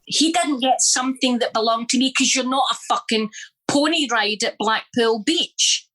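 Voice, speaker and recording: Scottish woman, middle-aged, blunt and sweary, bright tense voice, a touch high. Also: fairly quick. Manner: blunt, sweary, animated, acts out quoted voices. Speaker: interview guest. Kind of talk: candid conversational storytelling.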